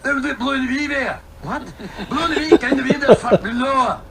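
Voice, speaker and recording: Field: a blustering Scottish soldier. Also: male voice, a little fast, gravelly, fairly bright tone, slight background noise, exaggerated voice. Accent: Scottish put-on. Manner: high, blustering, comic brogue. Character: excitable Scottish soldier serving a dark lord.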